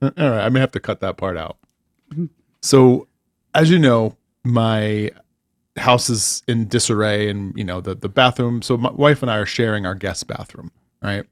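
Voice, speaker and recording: A man's voice: fairly low pitch, normal speed, dry recording. Man, podcast co-host, casual swearing rant, dry close mic. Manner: profane, exasperated storytelling. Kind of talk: casual chat.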